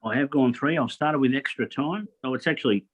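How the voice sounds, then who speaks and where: A man explaining horse form in casual chat, steady, with fillers like "look". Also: medium pitch, brisk. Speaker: podcast co-host giving racing tips. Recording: slightly dull, lo-fi audio.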